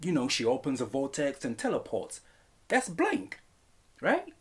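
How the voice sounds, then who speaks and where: A man reviewing a film in a comedic vlog, animated and profane, laughing often. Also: mid-range voice, unhurried, slightly rough.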